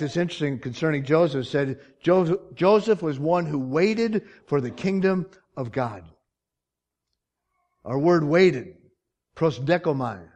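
A man preaching a sermon, telling stories with lively swings from quiet asides to loud punchlines, chuckling often. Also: on the high side. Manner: storytelling with dramatic swings in loudness, from quiet asides to shouted punchlines. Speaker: pastor.

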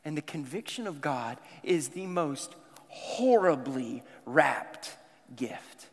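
A man's voice: on the high side, big pitch swings, takes it slowly. A male pastor from the American South preaching conversationally and talking directly to his congregation. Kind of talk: sermon. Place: large church sanctuary. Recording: long reverb of a church hall.

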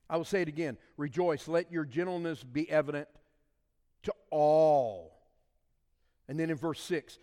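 A man preaches a sermon from the pulpit, his slightly high voice rising and falling with lively emphasis. He takes his time, stretching out the important words. Long church-hall reverb trails each phrase. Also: moderate pace. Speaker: pastor. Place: church sanctuary with congregation.

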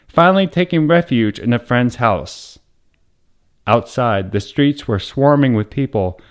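A man, a priest hosting the show, reading a wholesome story aloud in a measured, dramatic storytelling voice. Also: medium pitch. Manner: measured, dramatic storytelling with raised voice for quoted shouts. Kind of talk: scripted story narration.

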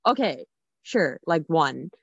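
A woman co-hosting a casual chat, frank and animated, with many "like" fillers. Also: low voice, slow, creaky, breathy edge, no room sound, dull audio. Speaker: podcast co-host.

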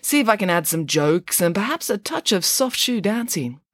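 A woman's voice: medium pitch, very animated, moderate pace, fairly bright tone, no echo, studio quality, voice pushed up. A woman voicing a theatrical, indignant female pig nanny in a storybook reading, grandly declaiming her lines. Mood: grandiose.

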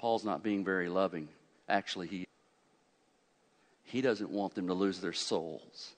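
Fiery preacher man, hall echo. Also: unhurried. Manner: fiery, swings from loud urgent peaks to low quiet asides; asks the congregation questions and answers them. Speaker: pastor. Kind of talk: sermon. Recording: long hall reverb.

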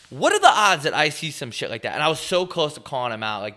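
A young man rambles through a story on a casual podcast, swearing freely and acting out the people he met. His voice is bright and swings widely in pitch as he gets worked up. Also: very animated, fast. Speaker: podcast co-host. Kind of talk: casual chat.

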